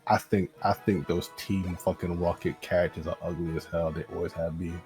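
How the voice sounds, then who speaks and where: A man's voice: sits low, normal speed. Rambling man on a gaming stream. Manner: rambling, repeats words, animated. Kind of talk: casual gaming stream chat. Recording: faint music behind.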